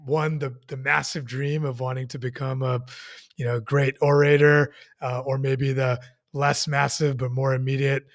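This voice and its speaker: A man's voice: medium pitch, little pitch movement, normal speed. A man hosting a podcast conversation, reflecting on his guest's story with hesitant restarts. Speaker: podcast host. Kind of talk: conversational interview.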